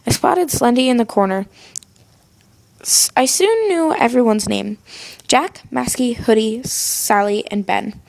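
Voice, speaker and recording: Woman with vocal fry reading a story. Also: on the high side, lively intonation, measured pace, a little mellow. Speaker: story reader. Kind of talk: reading fan fiction aloud.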